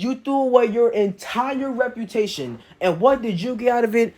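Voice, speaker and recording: Young guy ranting in a callout vid, high voice, keeps tripping on his words. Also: normal speed, hardly any pauses, darkish tone. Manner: heated, stumbles over words. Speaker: YouTuber. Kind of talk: exposé commentary video.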